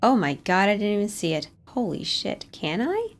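A woman's voice: medium pitch, very animated, normal speed. A young woman commenting on a horror game, jumpy and nervous, swearing and talking herself through scares. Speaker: gaming streamer.

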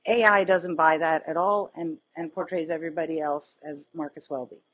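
A middle-aged woman doctor gives a lecture to colleagues in a loose, conversational way. Her voice has a husky, slightly breathy edge. She is chatty, mocks herself, and moves quickly from point to point with a ready wit. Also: low voice, fairly even intonation, fairly bright tone. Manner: chatty, self-mocking anecdotes with quick wit. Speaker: physician giving a lecture.

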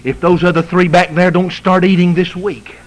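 A male preacher voicing a solemn old tribal elder man inside a sermon story, telling it in a slow, earnest storyteller tone. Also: sits high, flat delivery, lightly acted. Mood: grave.

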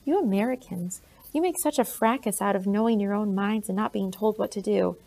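A woman reading an audiobook, voicing an earnest young male British soldier who speaks in a gently insistent way. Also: mid-range voice, brisk, gravelly.

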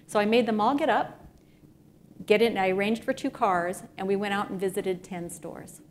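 A middle-aged woman giving an energetic talk to an audience, telling stories with frequent fillers. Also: mid-range voice, moderate pace, a little hiss or hum. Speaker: speaker at a business event.

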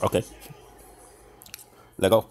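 A man hosting a reaction video, talking along to football highlights with slangy, excited exclamations and frequent laughter. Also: slow, soft background music. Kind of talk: excited sports reaction commentary.

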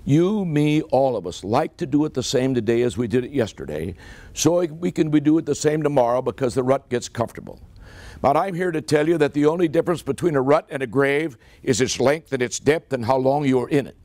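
At a club meeting hall, an older American man delivers a humorous after-dinner speech, telling a football story in a folksy, punchy style and acting out the dialogue. His mid-range voice is expressive, brisk, and darkish, with no room sound.

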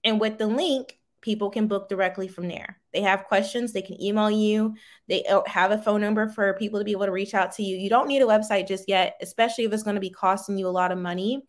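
A woman in her thirties who runs a small business hosts a casual livestream, answering viewer comments in a folksy, talkative way. Her medium-pitched voice is fast with fairly even intonation.

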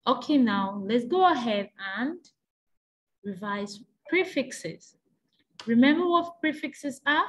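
A woman teacher taking young pupils through an exam revision lesson, asking patient prompting questions in a sing-song way. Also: a little high.

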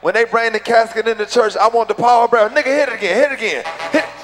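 A man's voice: extremely high pitch, rapid-fire, a bit bright, soft background music. A man doing live stand-up, telling profane stories in a loose, laid-back way. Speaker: stand-up comedian.

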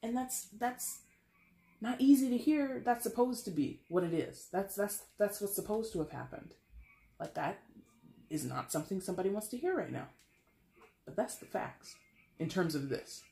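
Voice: medium pitch, lively intonation, normal speed, gravelly, dark tone. Frank, sighing tarot reader in an echoey room. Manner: frank, conversational, swears, sighs often. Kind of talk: casual tarot reading to camera. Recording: echoey room with faint ambience.

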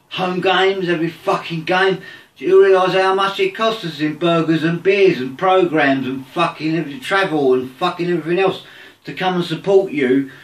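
A man's voice: fairly high pitch, recorded from a distance. Man, furious fan rant, constant swearing, roomy echo. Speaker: football fan. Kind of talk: angry rant to camera.

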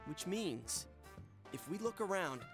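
A man's voice: high voice, very animated, slow, over music, full character voice. A man voicing an earnest, determined teenage boy grieving a friend in a video game. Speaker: game character.

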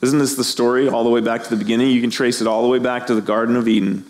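Speaking rapid-fire at a middle pitch, the middle-aged pastor gives his congregation a lively sermon, taking on the voices of the story's people as he goes.

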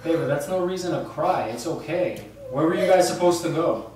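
A man's voice: a little high, lively intonation, fairly quick, a little mellow. A man in his twenties talking casually at home, coaxing and pressing with repeated questions. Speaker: boyfriend in a prank video. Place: indoor room at home. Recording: echoey room, distant mic, faint noise.

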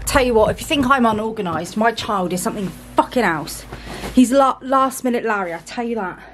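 A woman's voice: on the high side, expressive, a little fast, background noise. A British woman vlogging casually to camera, blunt, self-mocking and swearing constantly. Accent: British English. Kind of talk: casual vlog chat to camera.

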